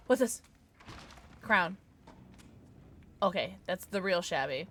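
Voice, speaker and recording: A woman streamer giving excitable, chatty live gameplay commentary, often gasping and teasing playfully. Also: mid-range voice, slow, breathy edge. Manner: playful mock-polite teasing.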